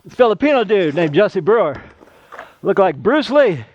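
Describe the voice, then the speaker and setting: A man's voice: sits high, sing-song, normal speed, highs cut off, a little hiss or hum. A middle-aged man, a plasterer, giving a casual how-to demonstration, chatty and rambling into side stories.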